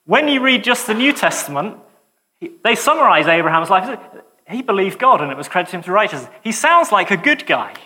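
A man preaching a sermon in a lively, conversational way, with joking asides to the congregation. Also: high-pitched, fairly quick, in a large hall.

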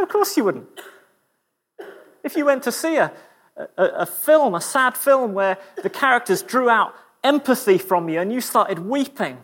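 High-voiced man preaching. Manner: animated, stumbling restarts, dropping to a hushed prayer. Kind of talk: sermon.

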